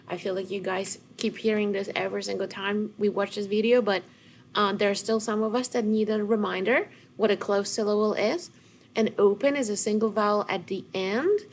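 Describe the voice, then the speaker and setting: A woman's voice: medium pitch, slight background noise. A woman teacher giving a recorded lesson to children, speaking patiently and encouragingly straight to her students.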